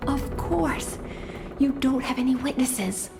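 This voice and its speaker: A sharp-tongued young heroine in a video game, with a fairly high voice and a sarcastic, teasing edge. and soft music plays underneath. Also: female voice, slow pace, vocal fry, full character voice.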